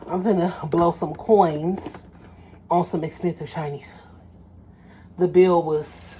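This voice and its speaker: A young adult woman from Los Angeles, vlogging casually and telling stories in a lively, slangy way, acting out quotes. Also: low-pitched, a little hiss or hum. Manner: animated, slangy storytelling with acted-out quotes. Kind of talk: casual storytelling vlog.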